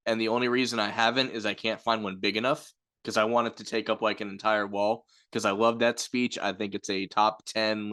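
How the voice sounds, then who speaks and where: A man's voice: on the low side, pushed and bright, smooth. A man co-hosting a casual film discussion, reflective and explaining at length. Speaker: film review podcast co-host. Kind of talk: casual chat.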